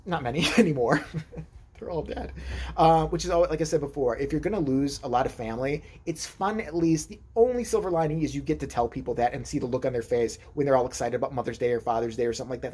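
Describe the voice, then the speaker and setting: A woman vlogger telling rambling family stories in a casual monologue, full of profanity and dark jokes. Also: extremely low pitch, slightly rough. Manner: rambling, profane, darkly joking.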